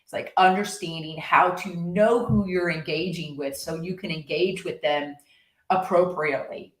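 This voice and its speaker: A woman talks through coaching ideas in a loose, rambling way, restarting sentences as she goes. Her voice sits on the low side. The room around her is echoey. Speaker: horse-based coach. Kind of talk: casual monologue.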